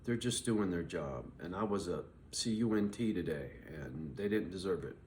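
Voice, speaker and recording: A man's voice: sits low, lively intonation, moderate pace, darkish tone, a little hiss or hum. Profane, rambling male vlogger. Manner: acts out both sides of conversations. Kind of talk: casual storytelling monologue.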